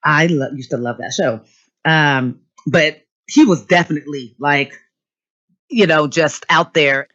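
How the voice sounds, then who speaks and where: A woman's voice: low voice, a little slow, a bit bright. A woman co-hosting a podcast in casual chat, rambling and filling with "you know". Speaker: podcast co-host. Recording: dull lo-fi sound.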